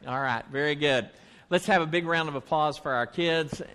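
A man giving a children's message in church, coaxing the kids to repeat short phrases slowly after him. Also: a little high, a bit bright. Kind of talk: children's message with call-and-response. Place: church sanctuary. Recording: long church reverb.

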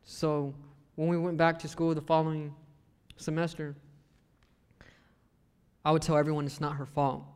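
Man, preacher, slightly high voice, lively storytelling, long hall echo, church sermon. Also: moderate pace, long pauses, clean tone. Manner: lively storyteller who acts out the people he quotes. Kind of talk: sermon with personal stories.

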